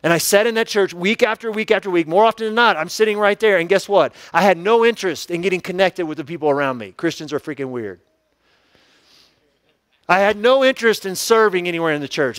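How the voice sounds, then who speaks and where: A man, a pastor, preaching a sermon in a conversational, joking way, full of rhetorical questions and drawn-out words for emphasis. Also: high-pitched, lively intonation, a bit bright, clean tone, no echo, clean studio sound. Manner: emphatic, stretching key words for effect.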